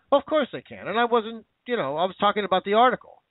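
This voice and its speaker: Indignant high-voiced man on a tinny line. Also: sing-song, quick pace, hardly any pauses, no room sound. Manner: indignant, sarcastic, repeats himself. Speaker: show host. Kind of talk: ranting commentary.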